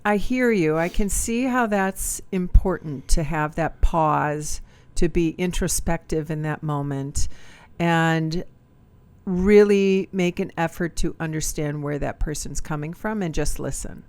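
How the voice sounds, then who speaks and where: Woman, podcast co-host, very slow, smooth, lowish voice, reflective, hesitant. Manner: reflective, searching for words, soft fillers. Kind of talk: candid couple's chat.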